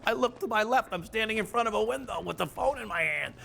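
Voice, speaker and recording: A man's voice: sits high, lively intonation, fast, vocal fry, sharp tone. A middle-aged man, a former police officer telling his own story in a blunt, profane, confessional way. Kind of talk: candid storytelling. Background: music playing.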